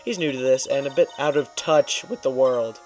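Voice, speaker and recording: A man voicing a cheerful, excitable teenage girl sidekick in a video game read-through. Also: moderate pace, faint music behind, lightly acted. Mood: scolding. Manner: excitable, high-pitched chatter.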